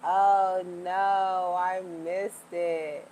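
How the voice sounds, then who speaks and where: A woman's voice: on the low side, mellow, slight background noise. A woman hosting a casual livestream from home, chatting with viewers and laughing often. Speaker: livestream host.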